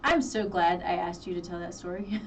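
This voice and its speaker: A woman's voice: lowish voice, lo-fi sound. A woman interviewer asking curious, encouraging questions. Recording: distant sound with faint noise.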